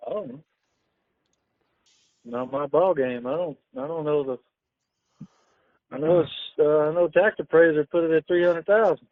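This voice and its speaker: A man's voice: fairly high pitch, unhurried, pauses often, dry recording. Curt man over a tinny phone line. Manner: terse, offhand, curt answers. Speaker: home seller on the phone. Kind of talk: phone call.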